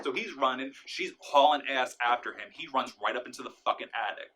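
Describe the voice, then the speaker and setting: A young man casually recapping a horror movie plot, swearing often and acting out scenes with sudden shouts. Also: mid-range voice, moderate pace, a little hiss or hum, low-quality recording. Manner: excited, profane, acts out scenes with sudden shouts. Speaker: movie reviewer.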